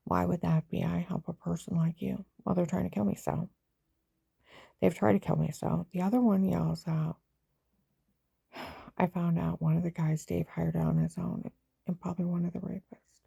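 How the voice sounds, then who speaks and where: Woman with a dark husky gravelly voice, rambling upset about what happened to her. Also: lowish voice, steady tone, normal speed, no room sound. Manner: agitated, rambling retelling that acts out others' lines. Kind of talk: personal spoken account.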